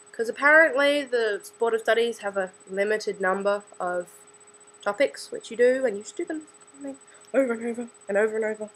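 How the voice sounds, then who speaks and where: A woman's voice: on the high side, fairly bright tone, low-quality recording. Chatty Australian teen girl rambling. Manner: chatty, scattered, self-deprecating, many fillers. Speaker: student vlogger. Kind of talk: casual rambling vlog.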